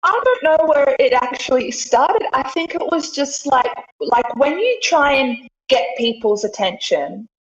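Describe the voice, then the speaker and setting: A woman's voice: sits high, animated, a little slow, hardly any pauses. A woman with an Australian accent, chatting as an interview guest, laughing often. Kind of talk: casual interview chat. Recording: echoey room, dull lo-fi sound.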